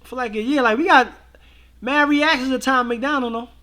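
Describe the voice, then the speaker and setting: A high-voiced man chats easily with his viewers, full of slang and strings of yeah, yeah. His talk is loose and relaxed, the style of a casual livestream co-host. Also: normal speed. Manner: laid-back, slangy, many repeated fillers. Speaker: co-host of a reaction show.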